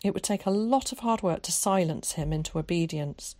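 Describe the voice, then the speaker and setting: A woman narrating an audiobook in a steady, measured storytelling voice. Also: fairly low pitch, no echo. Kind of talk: scripted narration.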